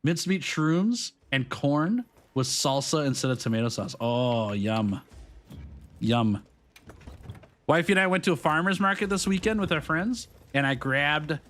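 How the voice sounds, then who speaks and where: Over game music, a young man with a medium-pitched, slightly bright voice chats casually with his live-stream viewers while playing. He's upbeat, laughs often, and greets people by name as the stream's host.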